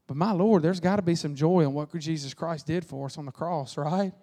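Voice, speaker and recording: A man preaching a Sunday sermon, folksy and animated, acting out quotes along the way. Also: a little high, a little fast. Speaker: pastor. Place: church sanctuary. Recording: long reverb of a church hall.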